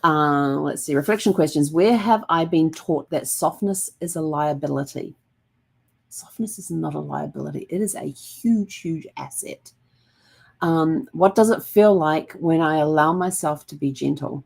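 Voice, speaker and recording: Woman host, deep for her sex, soft-spoken and meandering, casual reflective vlog read. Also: measured pace, gravelly. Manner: gentle and calm, rambling with many fillers.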